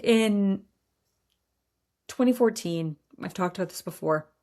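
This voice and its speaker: A woman's voice: mid-range voice, unhurried, dark tone. A woman in her forties hosting a podcast, telling personal stories in a candid, emphatic way and laughing now and then. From Iowa. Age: 40s. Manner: candid, emphatic, says y'all, laughs often. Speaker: podcast host. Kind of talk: personal storytelling monologue.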